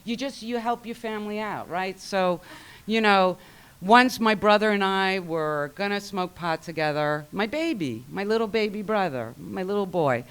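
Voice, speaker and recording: A woman's voice: medium pitch, normal speed, a bit bright, clear, resonant tone. A woman speaking at a recovery meeting, sharing her personal story in a wry, self-mocking way and acting out what her family said.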